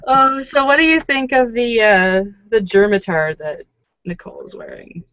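A woman's voice: fairly high pitch, moderate pace, a bit bright, clean tone, no room sound. Chatty woman gossiping. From Canada. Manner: chatty, gossipy, lots of fillers and quoted asides. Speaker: podcast co-host. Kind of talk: casual chat. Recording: dull lo-fi recording.

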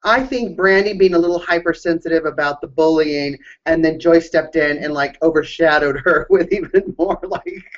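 A man's voice: on the high side, moderate pace, hardly any pauses. A chatty, giggly man with lo-fi audio. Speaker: podcast co-host. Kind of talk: casual recap chat. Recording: dull lo-fi sound.

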